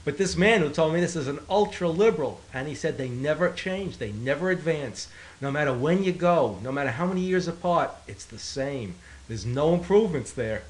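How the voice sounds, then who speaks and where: Male talk-radio host, fairly high voice, dry and chuckling. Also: expressive, moderate pace, low-quality recording. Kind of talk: comic talk-radio banter.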